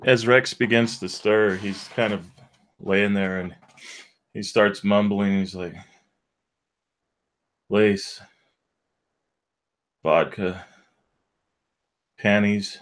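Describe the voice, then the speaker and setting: A man's voice: on the low side, little pitch movement, unhurried, a bit bright. A man playing in a tabletop game, describing his character unhurriedly. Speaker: player.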